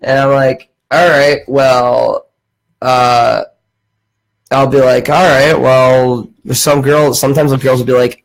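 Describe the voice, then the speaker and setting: A man's voice: medium pitch, steady tone, takes it slowly, poor audio. A man hosting a casual podcast, telling a long story as a profane rant. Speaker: podcast host. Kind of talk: casual chat.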